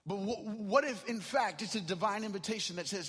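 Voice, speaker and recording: A man's voice: high-pitched, a little fast, few pauses, fairly bright tone, husky. A man preaching a sermon as a pastor, telling a personal story in a conversational way that builds to impassioned emphasis. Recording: long hall reverb.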